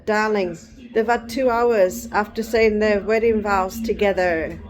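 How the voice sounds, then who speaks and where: A woman's voice: medium pitch, a little slow, darkish tone. A middle-aged woman vlogging in casual chat, rambling and digressive.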